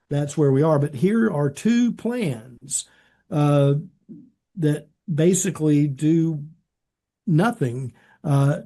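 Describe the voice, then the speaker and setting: A man with a mellow, slightly high voice co-hosts a talk show podcast. In this conversational policy commentary, he explains policy details hesitantly, using many fillers.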